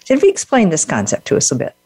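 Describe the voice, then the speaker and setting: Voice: medium pitch, huge pitch swings, rapid-fire, darkish tone, breathy edge, no room sound. A podcast host interviewing a guest, responding in an affirming and reflective way.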